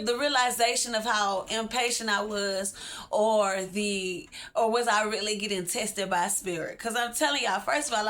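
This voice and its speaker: Bright high-voiced Texan woman vlogging. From Texas, USA. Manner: animated, chatty, laughs often, addresses viewers directly. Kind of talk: casual storytime.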